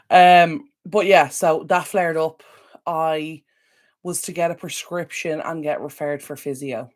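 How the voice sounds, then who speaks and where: An Irish woman hosts a decluttering channel, chatting casually on a live stream and rambling as she answers viewers' comments sympathetically. Her voice is low and steady, and she speaks a little slowly.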